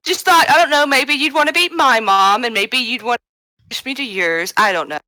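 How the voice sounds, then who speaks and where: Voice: high-pitched, brisk, bright, forceful tone, no room sound, pitched above the performer's own voice, rough recording. A player voicing a blunt, irritable young woman adventurer who swears and talks curtly during a tabletop role-play. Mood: sarcastic. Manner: curt, swearing, sarcastic.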